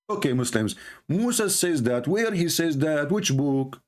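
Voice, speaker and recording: A man's voice: a little high, animated, measured pace, darkish tone. A man giving a sarcastic, mocking monologue as a religious debater, full of scornful rhetorical questions.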